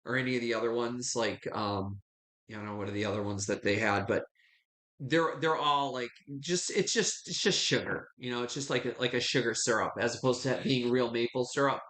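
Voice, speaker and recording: Selling live online from his home, a fifties-aged man chats casually, addressing viewers as honey and sweetie. His voice is medium-pitched and a bit bright, with a reverberant sound.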